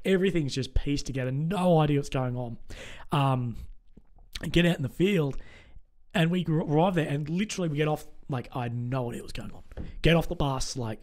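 A young Australian man telling stories in a relaxed chat, with lots of fillers. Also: a little high, fairly quick. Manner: chatty storytelling, many fillers. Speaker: host. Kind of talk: casual chat.

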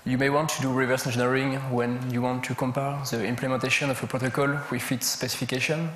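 A man with a French accent giving a technical conference talk, halting as he searches for words and lists examples. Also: medium pitch, little pitch movement, fairly bright tone. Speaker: conference speaker. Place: large conference hall. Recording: echoey lecture hall with a faint hum.

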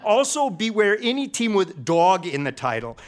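A man's voice: high-pitched, sing-song, normal speed, slight background noise. A middle-aged man telling a comic story, wry and mock-epic, swelling into drama.

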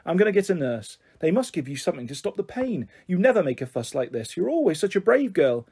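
A man voicing a worried, protective mother in a storybook reading, anxious and quick to take offence on her child's behalf. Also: high voice, very animated, gravelly, a little mellow, slightly rough, voice pushed up, full character voice. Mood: soothing. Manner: anxious and indignant. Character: worried, protective mother, middle-aged woman.

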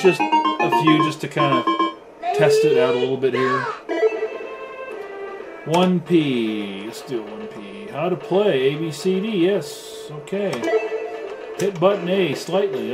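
Excitable swearing man over loud game music. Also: on the high side. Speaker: retro gaming reviewer. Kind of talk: casual gameplay commentary. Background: loud arcade game music.

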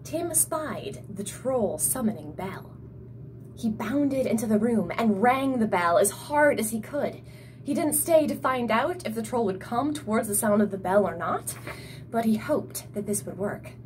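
A young woman with an energetic, bubbly manner, reading her own children's story aloud. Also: fairly high pitch, measured pace, slight background noise. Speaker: storyteller and author.

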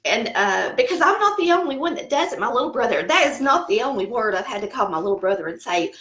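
A middle-aged woman from the Southern United States, a cooking channel host, chats casually with a Southern American accent, telling stories and laughing at herself. Her voice is fairly high with big pitch swings, fast and a bit bright, and the sound is roomy.

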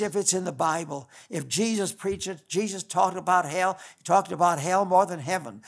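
An older man preaches a sermon in a homespun, wandering style, often restarting his sentences. His voice sits a little high for a man and has a gravelly, creaky edge. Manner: folksy, rambling preaching with restarts. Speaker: pastor.

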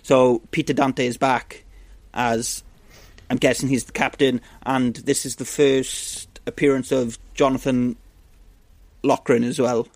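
A man's voice: mid-range voice, little pitch movement, unhurried, darkish tone, no room sound. A man co-hosting a podcast, casually recapping a film with restarts and laughs. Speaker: podcast co-host. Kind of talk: casual movie-recap chat.

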